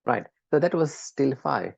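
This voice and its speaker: A man's voice: mid-range voice, animated, measured pace, vocal fry, husky, no room sound. A man teaching a live online class, chatting with students and quizzing them by name in an encouraging way. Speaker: lecturer.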